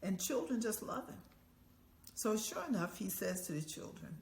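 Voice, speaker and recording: An older woman telling a story as an elder, lively and acting out the voices and chants of the people in it. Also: mid-range voice, moderate pace, gravelly, a little hiss or hum. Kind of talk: oral storytelling. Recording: echoey room with faint ambience.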